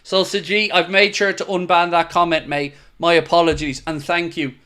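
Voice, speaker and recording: A man hosting a live football watchalong, excitable and blunt, swearing freely as he talks. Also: a little high, moderate pace, clean tone. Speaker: host of a fan watchalong.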